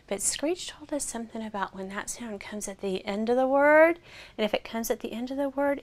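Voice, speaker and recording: A woman teaching a phonics lesson, sounding out vowels slowly and clearly and praising the listener. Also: on the high side. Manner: slow, clear, encouraging, sounds out each vowel.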